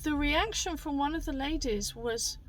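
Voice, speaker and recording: A woman's voice: sits high, moderate pace, poor audio. A middle-aged woman talking casually as a tarot reader, rambling with many fillers and restarts. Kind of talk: casual monologue.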